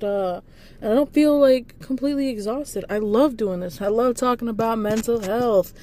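A woman hosting her own podcast, rambling casually and goofily while encouraging her listeners with warm affirmations. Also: a little high, moderate pace. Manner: goofy, rambling, hypes listeners up; affectionate, encouraging. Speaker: podcast host. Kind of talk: casual motivational monologue.

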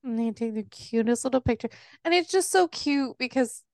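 A woman's voice: a little high, animated, normal speed, gravelly, no echo, studio quality. A young woman co-hosting a casual book club podcast, chatty and explaining story details. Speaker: podcast co-host.

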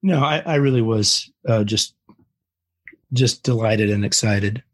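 An older man who is a guest on an interview, telling a story with animated, acted-out quotes. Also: fairly low pitch, a little slow.

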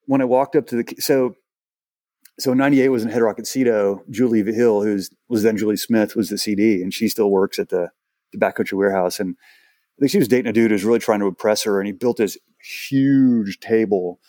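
A man in his forties from Houston, a guest telling animated stories in a casual interview, full of restarts and asides. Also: lowish voice, brisk, dry recording, clean studio sound. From Houston, Texas. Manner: animated, chatty, many restarts.

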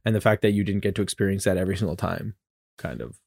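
A man co-hosts a podcast, talking quickly and with enthusiasm in a fairly low voice. The recording is close and dry, with no room sound. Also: vocal fry, darkish tone, no room sound. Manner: enthusiastic, rapid talker. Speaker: podcast co-host. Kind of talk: casual chat.

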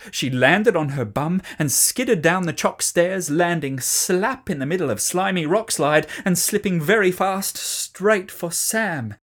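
Aussie storyteller reading a kids' story, really lively up-and-down voice. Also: mid-range voice. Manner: expressive, animated reading. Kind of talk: reading a children's story aloud.

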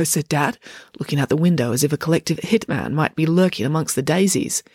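A woman narrating a children's story, with expressive, animated storytelling. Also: sits low, brisk, slightly rough, dry recording, clean studio sound. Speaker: audiobook narrator. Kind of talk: storybook reading.

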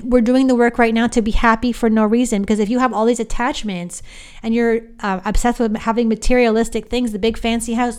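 A woman's voice: a little high, a little mellow, clean tone. A woman hosting a psychic podcast, talking to listeners in a casual spiritual monologue, chatty and emphatic, often repeating herself and checking in with them directly.

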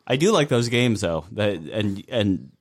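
A man's voice: lowish voice, lively intonation, measured pace, noisy background. A man hosting a podcast game in casual chat, upbeat and teasing. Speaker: podcast host running a game.

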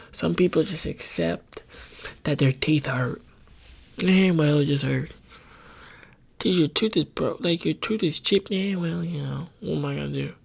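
Gravelly-voiced man ranting profanely. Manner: profane, animated ranting with sudden high-pitched outbursts. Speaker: podcast host. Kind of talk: casual rambling monologue.

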